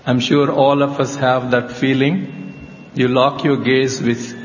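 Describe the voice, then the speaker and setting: An older man, a cardiac surgeon, telling a personal story in a slow, reflective way at a talk. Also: medium pitch, little pitch movement, slight background noise. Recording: dull lo-fi audio with long hall reverb.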